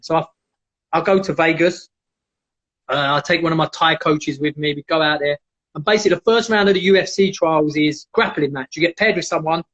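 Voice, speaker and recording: High-voiced man telling stories. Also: fairly quick. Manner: animated, acts out quotes in raised voice. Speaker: guest, former MMA fighter. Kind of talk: casual storytelling on a livestream. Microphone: video call. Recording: dull lo-fi livestream audio.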